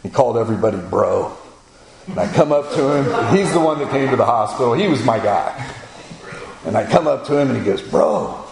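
Telling his own testimony, this man plays out the dialogue with lines like "I go" and "he goes." His mid-range voice is gravelly, animated and quick, and crowd noise mixes with the roomy echo and faint ambience.

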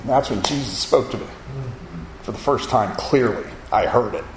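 A man's voice: on the low side, lively intonation, moderate pace, background noise. Man telling his testimony, echoey room. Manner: vivid storytelling, acting out quoted voices. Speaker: speaker giving a personal testimony. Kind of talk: spoken testimony to an audience.

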